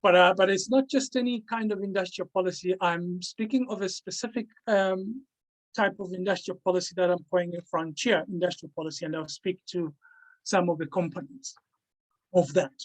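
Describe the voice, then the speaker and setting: A man presenting his own book in an academic talk over a video call, halting and repeating words as he restarts his sentences. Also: high voice, steady tone, poor audio.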